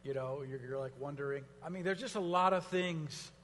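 A male pastor delivers a sermon in a high, bright-sounding voice, stacking repeated promises with growing fervor. Casual asides come between the declarations. His voice rings out with a long hall reverb. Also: brisk, a little hiss or hum. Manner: preaching with rising fervor, repetition.

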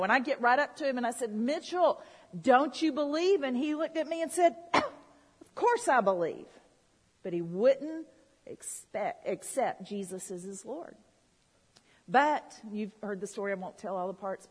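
A woman preaching a sermon, telling a personal story and swinging from hushed to loud, pleading delivery. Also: medium pitch, breathy edge. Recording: long hall reverb.

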